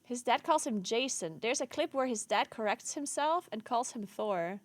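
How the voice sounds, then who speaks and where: Woman streamer, casual chat with viewers, quick to laugh; high voice, dead-dry close mic. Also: lively intonation, no room sound. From Italy. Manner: laughs often, reacts to chat. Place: home streaming setup.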